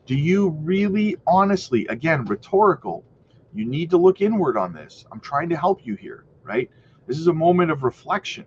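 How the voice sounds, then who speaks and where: A man talks to his viewers with a lively, swinging delivery, pressing his points and asking questions he answers himself. His voice sits a little high for a man. The sound is dull and lo-fi, with a faint hum of room ambience behind him. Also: moderate pace. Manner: animated, emphatic, rhetorical, repeats "right?". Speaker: crypto channel host. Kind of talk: casual commentary to camera.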